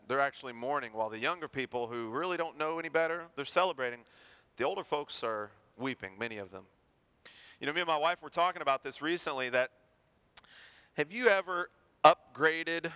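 A man preaching a sermon, animated and acting out everyday people to make his points. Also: fairly high pitch, clear, resonant tone. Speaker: pastor.

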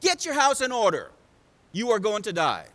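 A man's voice: high voice, huge pitch swings, moderate pace, a bit bright, big-room sound, pitched above the performer's own voice, heavily acted. A man preaching who acts out a stern prophet delivering grave news to a king in a solemn, declaring way.

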